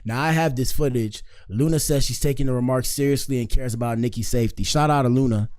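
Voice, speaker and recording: Quick-paced and a little mellow, his medium-pitched voice carries a relaxed commentary livestream. He talks in easy slang, sprinkling in "bro" and "dog" again and again.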